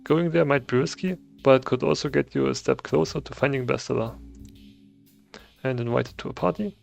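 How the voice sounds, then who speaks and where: A man's voice: medium pitch, normal speed, vocal fry, faint music behind. A man playing a video game, reading the dialogue choices aloud in casual commentary. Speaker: gameplay streamer. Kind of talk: casual let's-play commentary.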